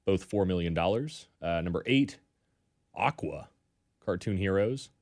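A man co-hosting a radio show, reading a list of figures in a measured, official newsreader manner. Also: sits low, animated, a little mellow. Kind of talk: reading list items on air.

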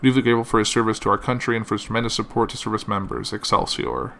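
A man reading a statement and a series of tributes aloud, halting often with fillers and stumbles, and saying it is hard to keep going. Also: fairly low pitch, fairly even intonation, gravelly, a bit bright, slight background noise. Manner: halting, with frequent uh fillers and self-corrections. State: emotional, finding it hard to continue.

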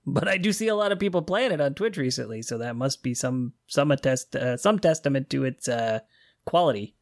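A man in his thirties chats in a casual roundtable. His voice is mid-pitched and his manner is self-deprecating. The sound is dry and close-miked. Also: expressive, brisk, no echo. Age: 30s.

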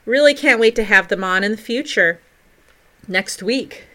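A woman's voice: medium pitch, lively intonation, normal speed, bright, forceful tone. A woman hosting a paranormal podcast, giving a bubbly, giggly outro.

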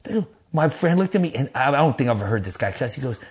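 A middle-aged man, a pastor, telling his life story in an interview in a lively, casual way, acting out quotes in a raised voice and cursing freely. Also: rapid-fire. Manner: animated, acts out quotes in a high voice, laughs, swears casually.

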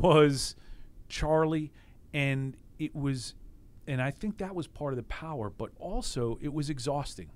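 A middle-aged man giving a candid, emotional interview on a podcast, reflecting with frequent restarts. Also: medium pitch. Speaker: interview guest, former team executive.

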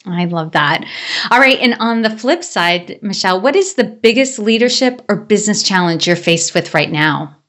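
A woman's voice: mid-range voice, animated, normal speed, a bit bright. A woman hosting an interview podcast, asking questions in an encouraging, conversational way. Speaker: podcast host.

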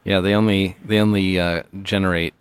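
Brief: male podcast host, deep voice, playful mock sincerity, dry studio sound. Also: flat delivery, fairly quick, clear, resonant tone, no room sound. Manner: mock-earnest, playful, stammering. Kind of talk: comedy podcast with call-ins.

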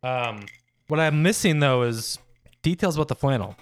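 A man's voice: mid-range voice, lively intonation, moderate pace. A man co-hosting a casual comedy podcast, teasing the others and swearing freely. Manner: teasing, profane. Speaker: podcast co-host.

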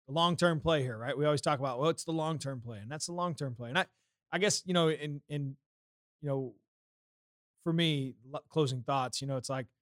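A man with a fairly high voice shares his thoughts in casual talk, earnest and reflective. He swears now and then in an easy way. The recording is dry, with no room echo. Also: a little fast. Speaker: podcast co-host. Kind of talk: casual political chat.

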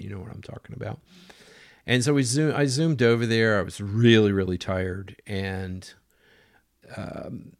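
A man's voice: fairly low pitch, gravelly. A middle-aged man telling a story in a rambling, conversational way, full of fillers and acted-out quotes. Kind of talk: casual spoken storytelling.

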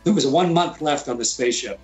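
An older man being interviewed, telling relaxed anecdotes and chuckling as he goes. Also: mid-range voice, a little fast, faint music behind, low-quality recording.

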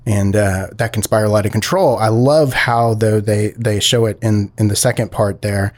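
Low-voiced man, rambling storyteller. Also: steady tone, moderate pace. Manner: rambling, self-correcting storyteller. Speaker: co-host. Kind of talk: casual podcast chat.

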